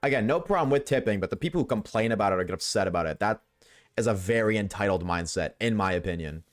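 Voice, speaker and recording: While playing a game on stream, a man rants bluntly to his live chat, swearing freely and chatting with viewers. His voice is fairly low, with lively intonation, and he talks fast.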